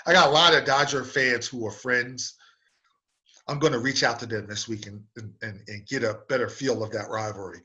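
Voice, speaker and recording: A man's voice: mid-range voice, fairly even intonation, moderate pace, sharp tone, dull audio. A man hosting a sports radio show, delivering an opinionated, emphatic monologue that repeats words to stress a point.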